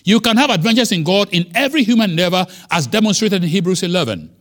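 A man preaching a sermon as pastor, emphatic, with wide swings in pitch and loudness. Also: animated, fast talker.

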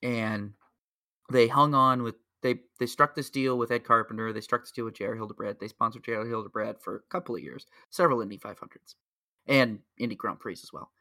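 A man co-hosting a podcast, chatting casually in a rambling way with lots of filler words and excited laughter. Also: medium pitch, a little fast, no echo, clean studio sound. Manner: excitable, laughs at own jokes. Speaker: podcast co-host. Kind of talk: casual chat.

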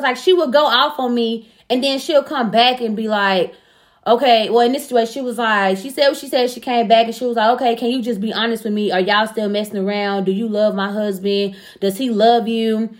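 A young woman with a fairly high-pitched voice recounts a personal story on a laid-back chat show, cursing freely, speaking bluntly and playing out both sides of the exchange with animation.

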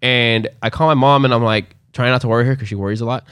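A young man tells a rambling story in a loose, profane, animated way. His voice sits mid-range, and the close mic makes it sound dry and near. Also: mid-range voice, quick pace, clear, resonant tone, dry recording. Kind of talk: casual storytelling chat.

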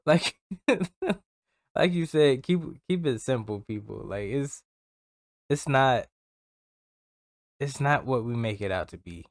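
A man's voice: medium pitch, animated, measured pace, pauses often, no room sound, studio quality. A man co-hosting a podcast in casual chat, reflective and giving short affirmations while he listens. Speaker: podcast co-host.

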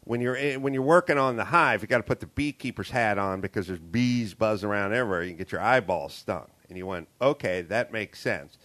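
A man's voice: on the low side, fairly quick, few pauses, fairly bright tone. A man hosting a casual podcast, ranting and swearing as he tells a story and acts out the dialogue in it. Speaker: podcast host. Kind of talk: casual chat. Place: hotel room.

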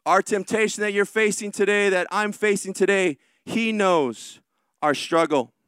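A man preaching a sermon as pastor, drawing out key lines slowly and rushing through asides. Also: high voice, fairly bright tone, clear, resonant tone, dry recording, clean studio sound. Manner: preaching with slow, drawn-out emphatic lines and quick asides.

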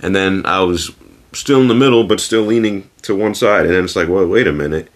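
A man with a very low, deep voice hosts a laid-back podcast chat. He rambles and restarts his thoughts, talking casually and loosely. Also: brisk. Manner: rambling, many fillers and restarts. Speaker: podcast host.

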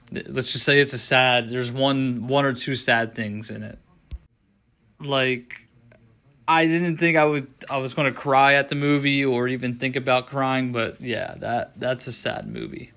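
Slow, halting young man, rambling. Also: medium pitch, a bit bright. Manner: rambling, halting, many restarts and fillers. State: choked up, near tears. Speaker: show host. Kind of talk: casual solo talk show.

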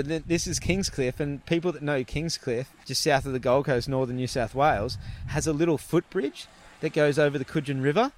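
A young man telling a story in a casual, animated way, swearing and laughing as he goes. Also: a little high, a little fast.

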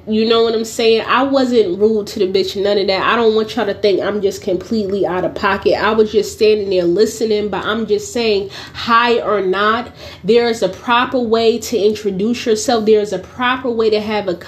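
A young woman hosting a podcast, telling a story in a blunt, profane, animated way and often laughing as she goes. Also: medium pitch. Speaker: podcast host. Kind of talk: casual storytelling monologue.

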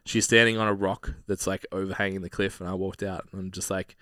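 A young Australian man with a fairly low, dry-sounding voice, swearing freely as he works through a long anecdote. He chats casually, with the easy back-and-forth of a podcast co-host. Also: flat delivery, quick pace, bright, forceful tone, dry recording. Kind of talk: casual storytelling chat.

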